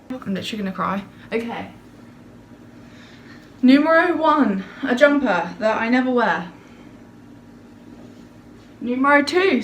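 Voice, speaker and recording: A young woman vlogs casually from her home and garden on a shaky handheld camera, with a little hiss or hum audible. Her voice is on the high side and a bit bright, and she's exclamatory while mocking herself.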